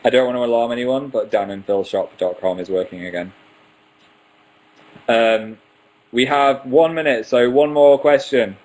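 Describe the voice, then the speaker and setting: A man's voice: mid-range voice, normal speed, long pauses, darkish tone, rough recording. A man in his twenties hosting a casual live stream, reading out viewer questions and answering them one by one with playful asides. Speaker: livestream host.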